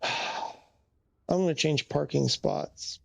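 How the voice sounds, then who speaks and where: Slow, gravelly flight sim streamer muttering. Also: medium pitch, no room sound. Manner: mutters to self, sighs often, easily frustrated. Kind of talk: live gameplay commentary.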